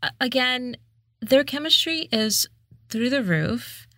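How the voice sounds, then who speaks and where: A woman's voice: high voice, expressive, slow pace, bright, forceful tone, dry recording, studio quality. A young woman co-hosting a casual podcast, recapping a movie with jokes, frequent laughter and playful voice impressions. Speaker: podcast co-host.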